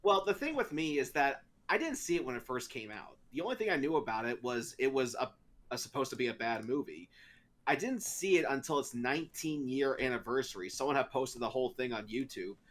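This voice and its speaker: A man's voice: mid-range voice, animated, brisk, fairly bright tone. A man co-hosting a casual podcast, rambling along with many fillers and false starts. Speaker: podcast co-host. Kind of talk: casual chat.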